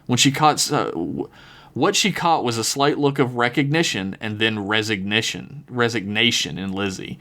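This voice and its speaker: A man's voice: medium pitch, moderate pace, sharp tone. A man hosting a podcast, narrating an improvised horror story with casual, wry asides. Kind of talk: improvised spoken-word fiction narration.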